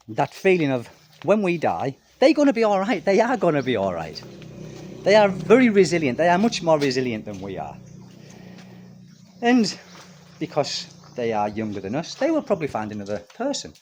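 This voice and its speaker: A man's voice: mid-range voice, a little mellow, slight background noise. Rambling expat man chatting outdoors. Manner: chatty, rambling, addresses viewers as people. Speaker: expat vlogger. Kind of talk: casual talk to camera. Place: outdoors in a home garden.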